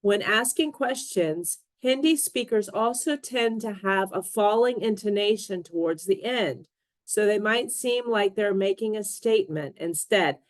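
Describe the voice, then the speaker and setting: Woman, pronunciation teacher, very slow careful delivery, dry close sound. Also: mid-range voice, no echo. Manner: deliberate, models word pairs clearly. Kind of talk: slow scripted pronunciation lesson.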